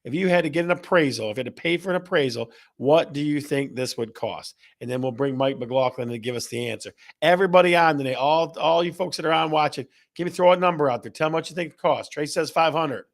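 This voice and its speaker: A man hosting a live online show, energetic and repetitive, rattling off viewer answers like an auctioneer. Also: on the high side, fast talker, hardly any pauses. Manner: energetic, auctioneer-like, repeats questions. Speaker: host. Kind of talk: livestream show host reading chat.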